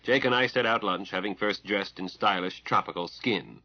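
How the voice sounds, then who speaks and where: A man narrating an audiobook in an even, measured way. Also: lowish voice, no room sound, dull audio. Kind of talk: scripted narration.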